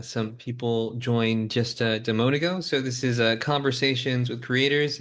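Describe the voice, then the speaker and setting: A man hosting a casual group video call, talking loosely with many fillers. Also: mid-range voice. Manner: relaxed, rambling with fillers. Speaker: host of a creators' call.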